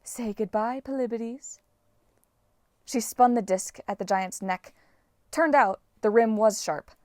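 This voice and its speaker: A woman reading a novel aloud as a fan audiobook, in steady storytelling narration. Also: mid-range voice, measured pace, no echo, clean studio sound. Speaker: audiobook reader.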